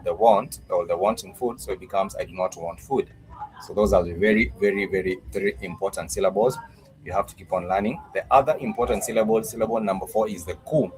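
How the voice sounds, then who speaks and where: A man teaching a live-streamed language class, patiently repeating phrases for drilling and pausing with frequent fillers. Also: fairly low pitch, darkish tone, low-quality recording.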